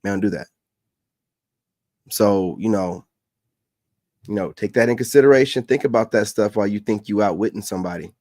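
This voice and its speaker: A man's voice: fairly low pitch, fairly quick, long pauses, a little mellow, no room sound, studio quality. A man from the Carolinas giving casual reaction commentary, lecturing and repeating his points for emphasis.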